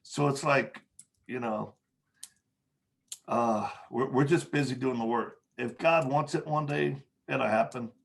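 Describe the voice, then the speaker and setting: A man, a podcast guest, telling candid stories in conversation, with frequent pauses and restarts. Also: mid-range voice, vocal fry. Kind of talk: storytelling in conversation.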